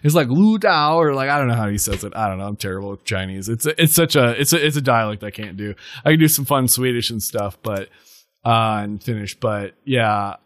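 A man's voice: fairly low pitch, a little fast, fairly bright tone, no room sound. A man in casual podcast chat, rambling and filling his talk with "like" and self-corrections.

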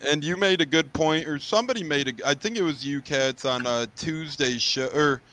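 A man's voice: fairly high pitch, moderate pace, sharp tone. A man hosting a casual sports podcast, chatting in an upbeat fan manner. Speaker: podcast host.

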